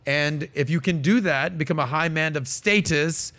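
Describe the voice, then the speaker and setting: A man hosting a podcast speaks at a normal speed in a slightly high, somewhat bright voice. His commentary is casual and emphatic, packed with fillers, and he quotes and reads things aloud.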